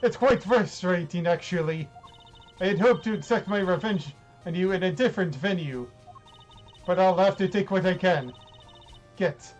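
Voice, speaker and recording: A man putting on a proud, harsh young female prosecutor from a video game, her put-on German accent clipped and cold. She scolds imperiously in a high voice, with faint music behind. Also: normal speed, pauses often, natural voice. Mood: scornful. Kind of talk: reading game dialogue aloud.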